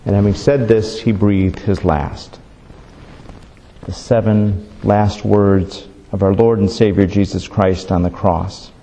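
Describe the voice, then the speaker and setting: Warm-voiced man preaching in a reverberant hall. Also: fairly low pitch, fairly even intonation, takes it slowly. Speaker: pastor. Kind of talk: sermon. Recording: long reverb of a large hall.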